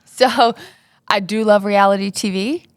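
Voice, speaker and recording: A woman's voice: medium pitch, fairly even intonation, measured pace, dry recording, clean studio sound. A young woman, chatting casually and upbeat as a guest, laughing easily. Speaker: basketball player, podcast guest. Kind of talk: casual interview chat.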